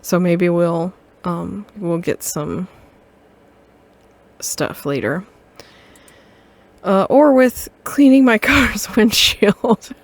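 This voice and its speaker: A woman's voice: on the low side, animated, extremely slow, long pauses. A woman streamer playing a video game casually, reading its dialogue aloud and giggling along. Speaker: VTuber streamer. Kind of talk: casual game let's play.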